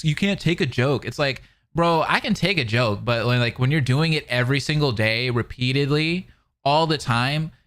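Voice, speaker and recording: A man's voice: mid-range voice, fairly bright tone. A young man streaming, reading a novel aloud between rambling, filler-heavy casual chat with viewers. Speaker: streamer reacting to a fan dub.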